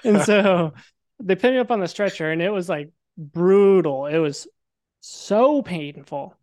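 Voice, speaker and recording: A man's voice: high-pitched, a little slow. A young man, a podcast guest, telling his story casually and vividly, swearing freely and acting out what people said. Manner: animated, swears freely, acts out quotes.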